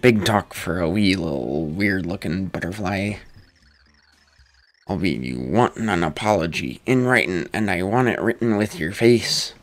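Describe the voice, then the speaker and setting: A man doing a gruff boastful warrior brute. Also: low-pitched, animated, measured pace, faint music behind. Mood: taunting. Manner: rough folksy brogue, taunting. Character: brawny boastful male warrior, gruff and hot-headed.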